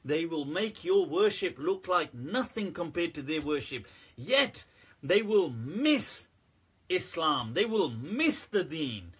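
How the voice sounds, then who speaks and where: A man with a slightly husky voice that sits a little high for a man hosts a relaxed livestream Q&A. He talks to his viewers in a candid, animated way and breaks into laughter often. His commentary sounds loose and conversational rather than scripted. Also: slow. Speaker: host answering viewer questions.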